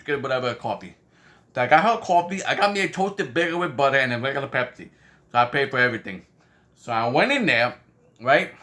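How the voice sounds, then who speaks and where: Rambling man retelling a story, bright tense voice, keeps saying "you know what I mean". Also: mid-range voice, lively intonation, fast talker. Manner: acts out quoted voices. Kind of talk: casual spoken anecdote.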